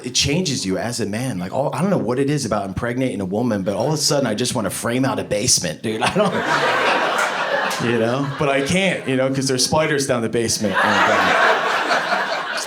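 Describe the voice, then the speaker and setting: Man, thirties, stand-up comedian, lively swinging pitch, live club recording with background noise. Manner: animated, swearing, acted-out voices in high pitch. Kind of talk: stand-up set. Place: comedy club stage before a laughing audience.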